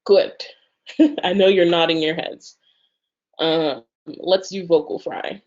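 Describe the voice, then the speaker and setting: A woman's voice: lowish voice, fairly even intonation, takes it slowly, a little mellow. Woman teaching an online workshop. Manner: loose, filler-heavy speech. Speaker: workshop instructor. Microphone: video call. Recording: slightly muffled video call audio.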